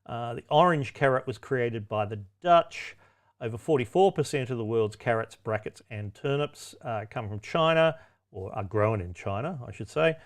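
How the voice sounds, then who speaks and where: A man's voice: medium pitch, lively intonation, normal speed. A man hosting a pub quiz, reading out questions with wry, cheeky asides and chatty self-corrections. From Australia. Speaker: quiz host.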